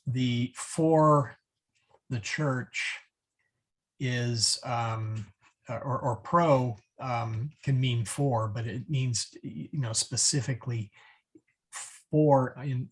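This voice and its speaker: A man teaching a Latin lesson at an unhurried, deliberate pace. His voice is slightly husky, and his explanations come out haltingly, full of ums and restarts, with a chuckle at his own slips. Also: mid-range voice. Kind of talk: online class instruction.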